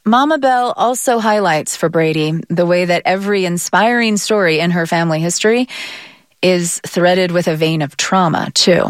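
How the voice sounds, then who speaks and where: A woman hosting the piece, asking questions and reading scripted narration in a measured way. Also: fairly low pitch, no room sound, clean studio sound. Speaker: interviewer and program narrator.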